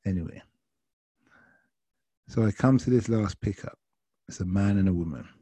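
Man, chatty taxi driver storyteller, dark husky voice, dry close sound. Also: low voice, moderate pace, dry recording. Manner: chatty, anecdotal, quoting others. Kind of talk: casual storytelling.

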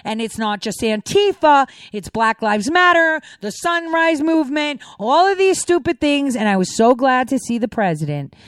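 A woman delivers a heated solo commentary, indignant and rapid with rhetorical questions. Her voice sits fairly high, recorded close and dry with no room sound. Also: big pitch swings, no room sound. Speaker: political commentator. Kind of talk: opinionated monologue.

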